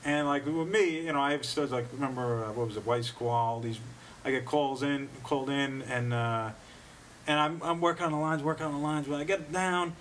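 A man from Long Island with a slightly high voice, telling loose, rambling stories about auditions. He laughs easily between lines. Faint noise runs under the track. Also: fairly even intonation, moderate pace, fairly bright tone, low-quality recording. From New York, Long Island. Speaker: actor. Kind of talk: casual storytelling chat.

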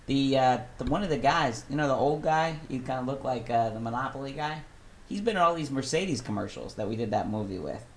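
A man appearing as a guest actor in a casual conversation. He rambles in a relaxed way, restarting his sentences as he goes. His voice sits at an ordinary pitch. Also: fairly quick, a little hiss or hum. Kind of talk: casual chat.

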